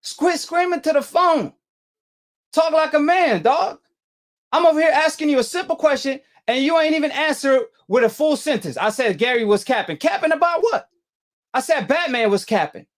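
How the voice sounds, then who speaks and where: A man with a high voice hosts a heated call-in debate and keeps firing the same challenge at his caller. His talk is slangy and combative, and he speaks English with Arabic as his first language. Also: lively intonation, a little fast. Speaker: talk show host.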